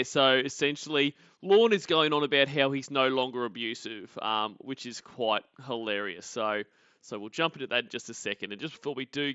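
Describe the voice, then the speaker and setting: A man's voice: medium pitch, bright, forceful tone, clear, resonant tone, no room sound. A man hosting a casual livestream, greeting viewers by name in a chatty, joking way. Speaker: livestream host. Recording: dull lo-fi sound.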